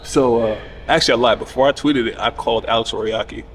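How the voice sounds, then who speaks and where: A man in his thirties tells a story at a quick clip. He acts out everyone's lines with lively, loose energy and casual cursing. A faint ambience hangs behind him. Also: medium pitch, slight background noise. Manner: animated retelling with quoted voices, casual cursing. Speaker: podcast guest.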